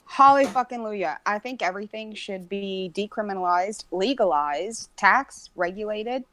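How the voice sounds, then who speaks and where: A woman hosting a casual online chat, frank and quick to swear and laugh. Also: medium pitch, sharp tone, no echo, low-quality recording. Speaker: podcast host.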